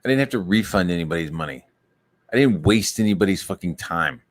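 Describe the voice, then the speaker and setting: Male streamer on an angry, profane rant; lowish voice, mocks rivals in falsetto. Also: expressive, fairly quick. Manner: angry, swearing, mocks others in high put-on voices. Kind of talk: profane ranting monologue.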